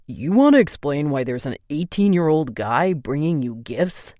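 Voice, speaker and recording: A woman's voice: deep voice, big pitch swings, moderate pace, dark tone, no echo, clean studio sound. A woman voicing an overprotective, hot-tempered teenage older brother in an audiobook, blunt and threatening. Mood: stern. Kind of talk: audiobook character voice.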